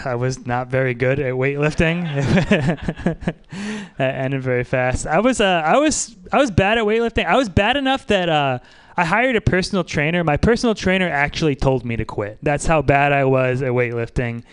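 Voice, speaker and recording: A man doing a stand-up set at an open mic, talking in a loose, rambling, self-deprecating way with lots of fillers. His voice sits a little high and sounds smooth and clean. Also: lively intonation, moderate pace. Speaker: stand-up comic.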